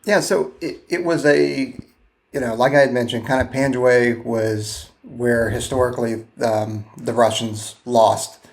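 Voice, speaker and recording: A man recounting a past military mission in casual podcast talk, halting with many fillers and restarts. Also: medium pitch, steady tone, vocal fry. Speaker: guest, former joint terminal attack controller.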